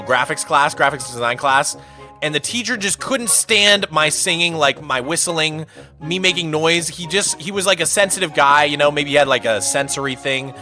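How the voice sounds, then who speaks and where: A male streamer chatting casually with his viewers, rambling through stories in an animated way and saying "dude" and "man" a lot. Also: a little high.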